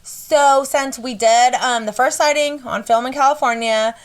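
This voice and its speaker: A woman's voice: sits high, fairly even intonation, unhurried, clean tone. Chatty woman podcast host. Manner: chatty, stumbles over words, swears. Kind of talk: casual podcast chat.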